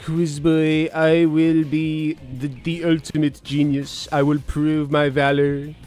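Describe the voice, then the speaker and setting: A man voicing a pompous, grandiose male cartoon villain who collects albinos, speaking slowly and theatrically. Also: on the high side, flat delivery, darkish tone, faint music behind. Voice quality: slow, theatrical, declamatory.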